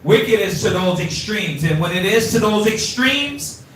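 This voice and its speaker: A man teaching an informal scripture class, animated and streetwise, quizzing his students, recorded from afar in an echoey room. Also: high voice, a little slow, distant mic.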